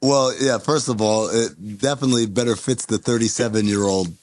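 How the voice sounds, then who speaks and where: A man's voice: lowish voice, fairly quick, darkish tone, no echo. A man co-hosting a casual movie podcast in a laid-back way, thinking aloud as he goes. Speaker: podcast co-host.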